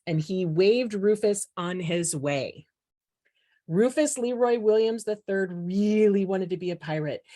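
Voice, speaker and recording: An older woman reading a children's picture book aloud in a gentle, expressive storytelling way. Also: medium pitch. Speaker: storybook reader.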